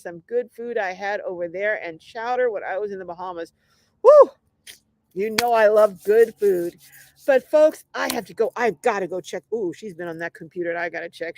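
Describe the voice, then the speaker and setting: A woman's voice: medium pitch, brisk, a little mellow. Chatty woman hosting a livestream. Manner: chatty, upbeat, lots of ums, reads viewer comments aloud. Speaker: livestream host. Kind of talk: casual livestream chat reading comments.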